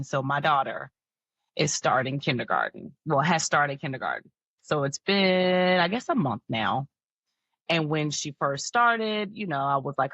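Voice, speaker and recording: A woman's voice: low-pitched, dry recording, dull audio. A woman guest on a podcast, telling personal stories in a reflective, candid way. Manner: reflective, candid, often laughs softly. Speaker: guest, mental health counselor. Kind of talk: personal storytelling in a podcast conversation.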